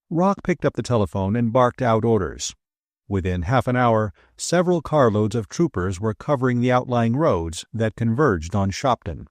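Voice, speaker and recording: A man reading an adventure audiobook aloud with an expressive storytelling delivery. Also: mid-range voice, moderate pace, no room sound, clean studio sound. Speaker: audiobook narrator. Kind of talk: scripted audiobook narration.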